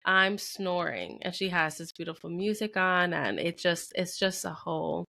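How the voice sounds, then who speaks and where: A young woman co-hosting a casual podcast chat, telling lively stories and mimicking her husband with frequent laughs. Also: on the low side, normal speed, gravelly. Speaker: podcast co-host.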